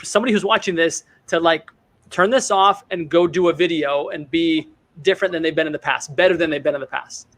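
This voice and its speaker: A man's voice: a little high, brisk, a bit bright. A man hosting an interview podcast, asking loose, rambling questions with restarts. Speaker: podcast host.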